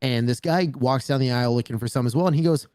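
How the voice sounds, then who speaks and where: A man's voice: medium pitch, quick pace, no room sound, clean studio sound. A man co-hosting a casual podcast, telling stories with lots of swearing and "bro". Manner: animated storyteller, swears freely, says "bro" a lot. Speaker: podcast co-host. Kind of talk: casual chat.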